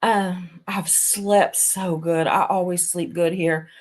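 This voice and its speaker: A woman's voice: lowish voice, fairly even intonation, slow, darkish tone. A woman with a Southern accent rambling casually on a live stream, a little nasal from allergies, laughing often. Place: bedroom of a vacation stay.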